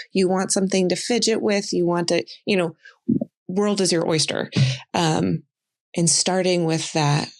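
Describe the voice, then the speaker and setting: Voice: mid-range voice, creaky. A podcast host asking thoughtful questions in a casual, conversational way.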